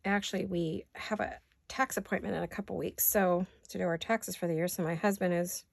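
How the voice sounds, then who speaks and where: A woman craft vlogger in her home studio, her voice raspy from allergies, chatting casually and self-deprecatingly to viewers while she works. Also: fairly low pitch, steady tone, a little fast, no echo.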